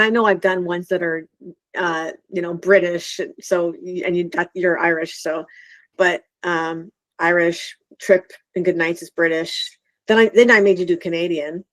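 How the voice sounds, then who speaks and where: A woman's voice: on the low side, steady tone, normal speed, no room sound. Bubbly woman hosting a livestream. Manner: bubbly, enthusiastic, scattered. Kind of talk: casual live chat.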